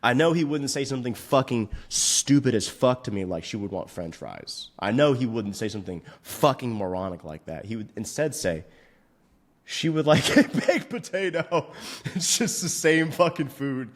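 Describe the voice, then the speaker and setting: A man's voice: mid-range voice, lively intonation, normal speed. A male fitness coach in a profane, mock-outraged comedic rant, swearing constantly.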